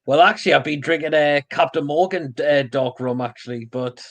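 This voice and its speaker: A man chatting casually on a live stream, in a relaxed way. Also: on the high side, fairly quick.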